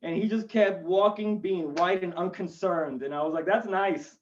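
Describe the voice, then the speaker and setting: A man's voice: sits high, normal speed, darkish tone, far from the mic, muffled recording. A male stand-up comedian doing a chatty, rambling set from his home over a video call, with self-deprecating asides. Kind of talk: stand-up set for an online show.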